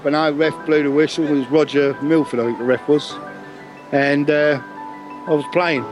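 A man's voice: a little high, steady tone, normal speed, music in the background, low-quality recording. A middle-aged man, telling a long casual story with many restarts and chuckles. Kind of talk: casual anecdote.

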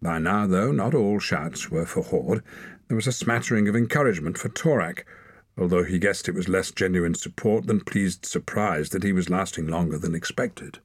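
Deep, husky male storyteller. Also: no room sound, clean studio sound. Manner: steady, measured storytelling. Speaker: narrator. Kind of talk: audiobook narration.

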